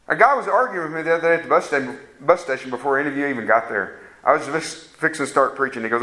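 A man's voice: on the high side, animated, fast talker, pushed and bright. A man preaching a fervent sermon that rises to emphatic peaks. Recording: echoey room sound.

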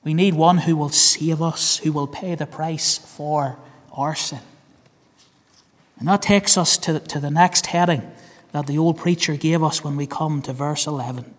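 A man's voice: fairly high pitch, measured pace. A man with a Northern Irish accent preaching a sermon, earnest, repeating key phrases and calling listeners friend. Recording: long hall reverb.

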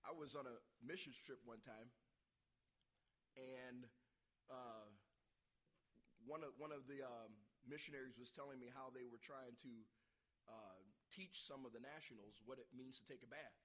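Unhurried and medium-pitched, a man delivers a fervent revival sermon. He questions the congregation, bursts into loud shouts, and lets long pauses hang between lines.

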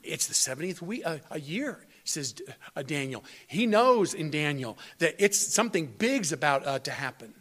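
A man preaching a sermon in an earnest style, slowing down to stress quoted scripture and often restarting words. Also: on the high side, big pitch swings, a bit bright. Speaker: pastor.

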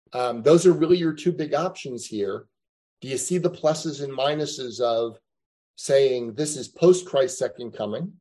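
A man's voice: mid-range voice, dark tone, breathy edge, low-quality recording. A man teaching a Bible class, lecturing conversationally and thinking aloud with frequent asides to his students.

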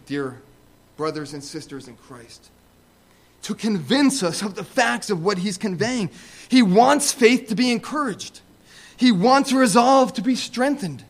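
A man preaching a sermon, speaking conversationally with asides and building to loud, emphatic repeated stresses. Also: on the high side.

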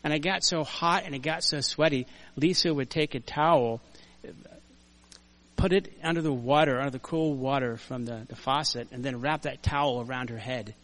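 An older man preaching a conversational sermon in a church, earnest and story-driven, dropping to quiet asides and rising to loud emphasis. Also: medium pitch, normal speed. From United States. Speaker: pastor. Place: church sanctuary.

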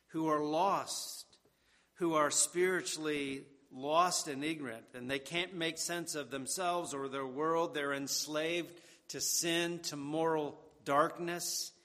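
A man preaching a sermon, deliberate and emphatic, repeating key words for weight. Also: a little high, pushed and bright. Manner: slow and deliberate, with emphatic repetition. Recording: long hall reverb.

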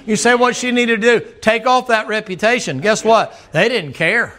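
Folksy preacher, high-pitched voice. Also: male voice, normal speed. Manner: folksy, rising to emphatic shouts, acts out voices. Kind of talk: sermon.

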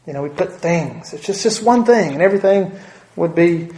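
A man's voice: high voice, animated, moderate pace, mellow. Earnest man preaching in an echoey church. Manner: earnest, repetitive emphasis with folksy asides. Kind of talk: sermon. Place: church sanctuary. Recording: roomy church reverb.

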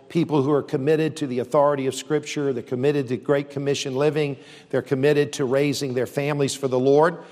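A man's voice: a little high, darkish tone. A man who leads a university, speaking earnestly and steadily to a church audience, with frequent fillers and restarts. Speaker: university leader. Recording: long reverb.

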